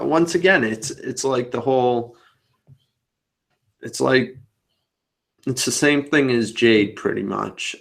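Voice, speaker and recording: Man, podcast host on a video call, rambling casual talker with a gravelly voice. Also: medium pitch, fairly bright tone. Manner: rambling, talkative.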